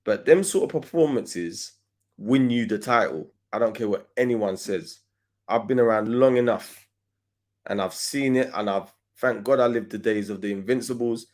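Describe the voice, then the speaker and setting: A man's voice: fairly low pitch, moderate pace. A middle-aged man hosting a casual football talk show, emphatic and slangy, swearing freely. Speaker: host.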